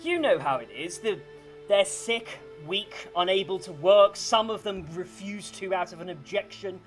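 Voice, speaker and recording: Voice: mid-range voice, lively intonation, a little slow, soft background music, close to an everyday voice, poor audio. A game master voicing a cold, pompous male town official who justifies himself in a tabletop game. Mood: haughty. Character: stiff self-righteous male town chamberlain.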